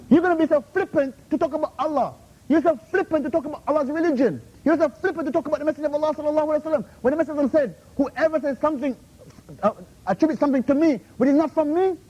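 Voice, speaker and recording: During a heated Q&A in a university lecture room, a man who was invited to speak on Islam delivers a rapid-fire, confrontational rebuttal, scolding and repeatedly asking "Huh? How?" while dropping Arabic words into his English. He has a very high, warm voice, and the recording is muffled.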